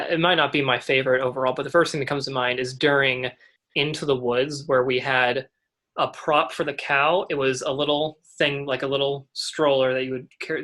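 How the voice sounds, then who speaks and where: Rambling teenage boy, mid-pitched. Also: sharp tone. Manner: rambling, halting, many restarts. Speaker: young actor, co-host. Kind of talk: casual interview chat.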